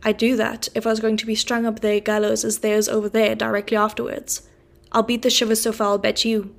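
Woman doing a gruff hungry convict. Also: fairly high pitch, monotone, a little fast. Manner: loud, rough and urgent. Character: gruff starving male convict, fierce and wary.

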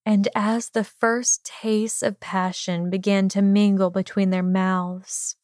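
A woman narrating a romantic fan fiction story aloud in an unhurried, measured reading. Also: mid-range voice, a little mellow, no echo, studio quality.

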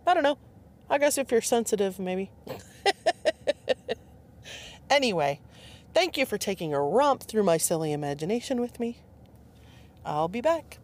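A woman's voice: medium pitch, sing-song, normal speed, pauses often, a little mellow. Playful fifty-something woman podcaster. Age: 50s. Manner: playful, chatty, self-mocking. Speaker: podcast host. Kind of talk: casual podcast storytelling.

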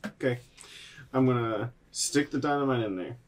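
A man's voice: mid-range voice, normal speed, a little hiss or hum. A man playing a tabletop game, explaining his plans in a rambling, hesitant way. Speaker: player. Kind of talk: casual game chat.

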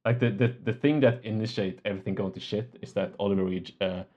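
A man's voice: on the low side, fairly even intonation, fast talker, a little mellow, muffled recording. A man co-hosting a film podcast, enthusiastic and full of fillers and laughs. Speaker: podcast co-host. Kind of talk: casual film discussion.

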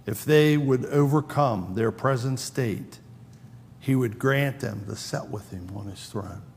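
A man's voice: medium pitch, measured pace, vocal fry, long reverb tail, a little hiss or hum. A man preaching a sermon in a conversational way, acting out quoted lines with a raised voice. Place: church sanctuary.

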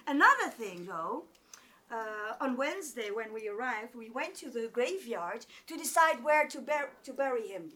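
A woman telling a personal story to an audience in an animated, laughing way, with many fillers and restarts. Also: fairly high pitch, moderate pace. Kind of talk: live comic storytelling.

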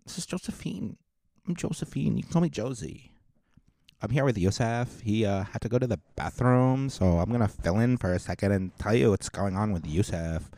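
Dude doing a gossipy girl voice, rambling, kinda low and dark, dry. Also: lively intonation, normal speed, no room sound. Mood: chatty. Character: chatty gossipy young woman filling in.

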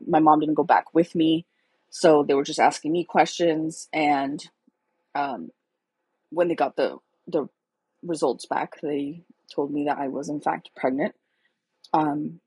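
A woman's voice: low voice, darkish tone, husky, no room sound, rough recording. A woman in her thirties candidly telling her own life story in a casual, emotional, chatty way. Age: 30s.

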